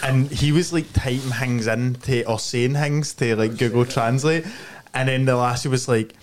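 A man's voice: medium pitch, moderate pace, a little hiss or hum. A Scottish man co-hosting a podcast, joking and laughing in casual chat. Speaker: podcast co-host.

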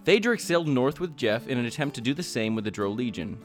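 A man's voice: mid-range voice, animated, quick pace, soft background music. A man hosting a tabletop game podcast as dungeon master, recapping the story in an upbeat way. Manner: upbeat recap, laughs with players.

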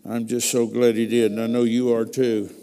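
A man's voice: medium pitch, flat delivery, moderate pace, dark tone. A man preaching a personal testimony in a folksy, emotional storytelling way, speaking in a church hall. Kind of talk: testimony sermon.

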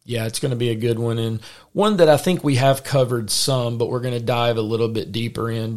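A man with a Southern accent hosting a casual faith podcast, upbeat and friendly and quick to laugh. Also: mid-range voice, creaky. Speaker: podcast host.

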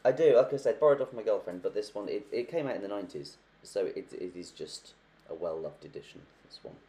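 A man's voice: lowish voice, lively intonation, a little fast, mellow. A young man co-hosting a casual book podcast, chatty and acting out characters as he tells their stories. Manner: chatty, acts out quoted characters. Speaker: podcast co-host.

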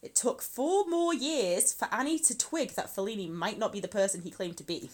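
A woman speaks at a normal speed in a mid-range voice as she co-hosts a podcast from Scotland, where she lives. She tells a true crime story casually, swearing freely and laughing often.

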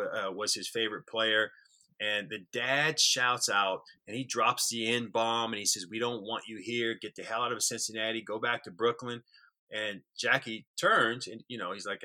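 Low, bright-toned man retelling a film scene. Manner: earnest, repeats words when starting sentences. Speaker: podcast co-host. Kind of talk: casual conversational storytelling.

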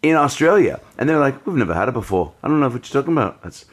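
A man's voice: medium pitch, racing. A man hosting a podcast, chatting casually and telling stories with frequent laughter. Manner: laughing, animated storyteller. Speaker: podcast host. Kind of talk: casual chat.

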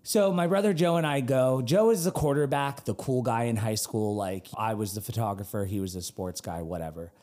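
A man from North Carolina co-hosting a podcast, chatting casually and telling stories with quick asides. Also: mid-range voice. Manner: animated storyteller, quick asides. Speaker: podcast co-host. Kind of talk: casual chat.

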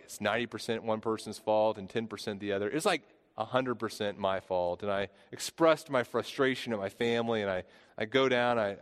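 A man's voice: lowish voice, clear, resonant tone. A man in his thirties preaching a sermon, earnest, often repeating and restarting phrases. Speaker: pastor. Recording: long hall reverb.

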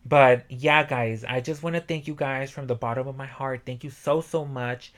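A young man hosting a motivational podcast alone, swearing a lot and breaking into loud yelling. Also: mid-range voice, moderate pace. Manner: profane, animated, bursts into yelling. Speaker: podcast host.

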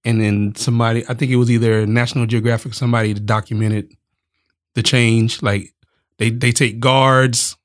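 A man's voice: medium pitch, level tone, normal speed. A man co-hosting a podcast, chatting casually in a blunt, profane and joking way. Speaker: podcast co-host. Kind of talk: casual chat.

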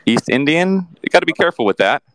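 A man's voice: a little high, big pitch swings, quick pace, crowd noise, rough recording. A man guesting on a comedy podcast, talking in a casual, rambling, laid-back way. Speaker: guest voice impressionist. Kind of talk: casual chat.

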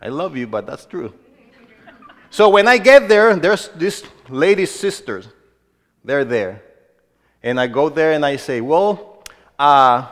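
A man preaching a sermon as a pastor, who moves between hushed storytelling and loud, emphatic exhortation. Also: fairly high pitch, expressive, measured pace. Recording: long reverb of a large hall.

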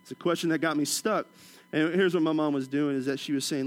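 A middle-aged man from Washington, D.C., preaching a sermon, telling stories with humorous asides and dropping to a soft, low voice for emphasis. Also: steady tone, brisk. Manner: storytelling with humorous asides and chuckles.

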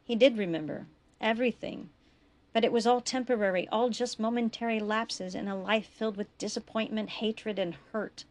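A woman's voice: fairly high pitch, moderate pace. Woman reading her own story aloud. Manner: steady, expressive storytelling. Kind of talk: fiction audiobook reading.

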